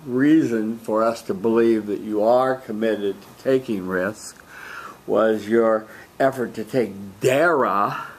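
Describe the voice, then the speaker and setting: A man who coaches debate, giving a student measured spoken feedback on a speech in a classroom, with frequent ums. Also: lowish voice.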